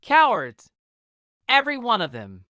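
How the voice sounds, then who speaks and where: A reader voicing a hot-headed man who shouts accusations at his rivals, in a storybook reading for English learners. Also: medium pitch, wildly swooping pitch, measured pace, dry recording, studio quality, pitched above the performer's own voice, exaggerated voice. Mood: accusing.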